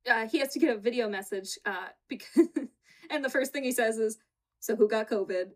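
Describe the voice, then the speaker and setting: A woman's voice: a little high, fairly quick. A woman co-hosting a casual chat, laughing often as she retells scenes. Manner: giggly, retells scenes with quoted voices. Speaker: podcast co-host. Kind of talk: casual chat recapping a reality show. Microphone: home setup with green screen.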